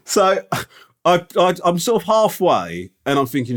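A man's voice: a little high, sing-song, normal speed. A man co-hosting a podcast, telling a rambling, self-deprecating story in casual chat. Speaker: podcast co-host.

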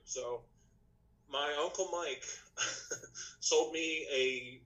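A man's voice: on the high side, slow pace, long pauses, bright, forceful tone, poor audio. Rambling man telling a story. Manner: rambling, many restarts and "you know". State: slightly rough voice, clearing throat. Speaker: podcast guest, musician. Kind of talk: casual storytelling chat.

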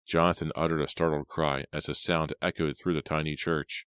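A man narrating an audiobook in a dramatic reading style, acting out the characters' lines louder and slower. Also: very deep voice, little pitch movement, smooth, dry recording, clean studio sound.

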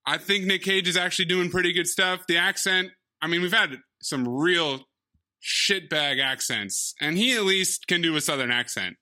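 A man's voice: high voice, normal speed, bright, forceful tone. A man co-hosting a podcast, joking and self-deprecating in a casual movie review chat. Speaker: podcast co-host.

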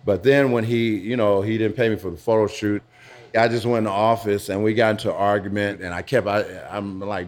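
Low-voiced man telling his story haltingly. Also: steady tone. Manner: halting, repeats and restarts phrases. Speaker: interview guest. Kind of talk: casual storytelling interview. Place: pizza restaurant.

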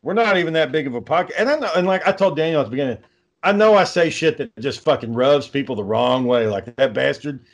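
A man's voice: fairly high pitch, animated, fast, dull audio. Man, podcast co-host, profane, rambling, reads out texts. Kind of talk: casual podcast chat.

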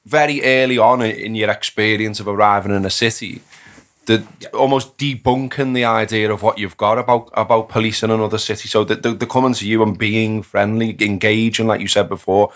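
A man hosting an interview podcast, talking in a relaxed, rambling way as he thinks aloud. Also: on the low side, moderate pace. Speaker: podcast host. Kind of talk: conversational interview.

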